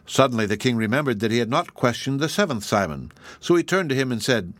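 A man narrating a fairy tale in a steady, measured storybook reading. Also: medium pitch, no echo.

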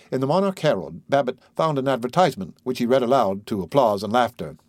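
A man's voice: mid-range voice, animated, quick pace, few pauses, no echo, studio quality. A man reading a novel aloud as a narrator, giving the dialogue light character voices. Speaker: audiobook narrator. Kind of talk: scripted narration.

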